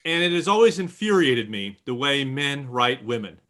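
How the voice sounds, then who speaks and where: A man's voice: mid-range voice, very animated, normal speed, fairly bright tone. A man talking animatedly on a remote author panel, joking and mock-indignant. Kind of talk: casual panel chat.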